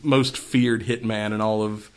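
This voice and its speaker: A man in casual chat, rambling through a movie plot with many fillers and quick acted-out quotes. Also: lowish voice, steady tone, clean tone. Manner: rambling, retells scenes with quick put-on voices.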